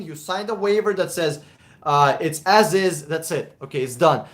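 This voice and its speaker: A man's voice: fairly high pitch, normal speed, fairly bright tone, a little hiss or hum. A man hosting a live question-and-answer stream, talking bluntly and casually, swearing and repeating words as he thinks. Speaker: livestream host answering car questions.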